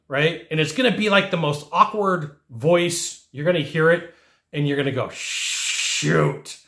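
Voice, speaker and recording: Animated man teaching sales in echoey room. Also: on the high side, a little slow. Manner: animated, acts out whiny customer voices. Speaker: sales trainer. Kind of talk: energetic teaching monologue.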